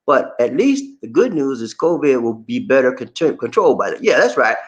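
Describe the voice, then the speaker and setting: A man hosting a casual livestream, reading viewer comments aloud and reacting to them in a lively, talkative way. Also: medium pitch, fairly quick, highs cut off. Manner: animated, shouts catchphrases, reads comments aloud and reacts.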